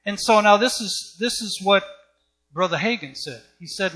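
A man's voice: high voice, moderate pace, a bit bright. A man preaching a sermon with an emphatic, repetitive cadence.

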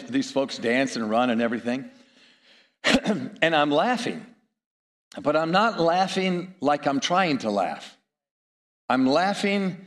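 Chuckling man preaching a story sermon. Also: fairly high pitch. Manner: storytelling, chuckling, audience asides.

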